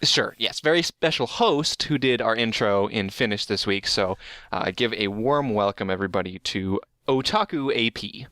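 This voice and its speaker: A man's voice: on the low side, expressive, normal speed, pushed and bright, dry recording, clean studio sound. Rambling man hosting a podcast. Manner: rambling, many filler words. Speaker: podcast host. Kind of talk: casual podcast chat.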